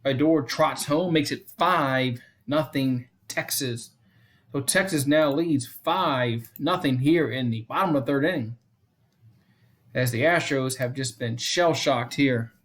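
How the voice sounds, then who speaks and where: A man hosting a fan live stream, giving casual play-by-play commentary, repeating the count and score often and chatting to viewers between pitches. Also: slow, fairly bright tone.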